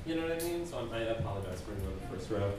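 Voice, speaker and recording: A man doing a stand-up roast while sick, rambling and halting in a self-deprecating way on a comedy club stage. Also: lowish voice, expressive, very noisy. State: sick, congested. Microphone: stage mic at a distance. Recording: echoey stage from far off, crowd laughter.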